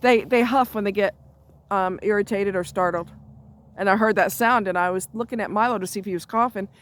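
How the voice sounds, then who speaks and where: A woman's voice: medium pitch, fairly quick. A woman telling a story in casual chat, blunt and salty with frequent asides, recorded outdoors near a road while walking her dog. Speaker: vlogger.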